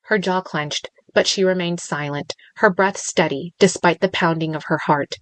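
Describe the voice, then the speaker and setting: A woman reading a thriller audiobook in a measured, steady narration. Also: fairly low pitch, no room sound, rough recording.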